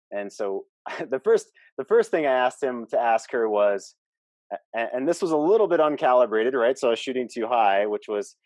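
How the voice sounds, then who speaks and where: Man, lowish voice, dry close sound, earnest coaching talk. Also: darkish tone, dry recording. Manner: earnest, explaining with examples and quoted lines. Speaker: relationship coach, co-host.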